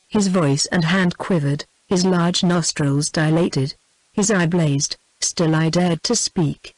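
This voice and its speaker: A text-to-speech woman's voice with a British English accent, narrating an audiobook in an even, steady reading. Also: on the low side, takes it slowly, no echo, poor audio. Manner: even, steady synthetic reading with flat phrasing.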